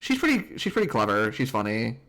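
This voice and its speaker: Casual male streamer, gravelly tone, big pitch swings, chatty and excitable. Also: brisk. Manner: chatty, excitable, lots of likes and laughs. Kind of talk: live gameplay commentary.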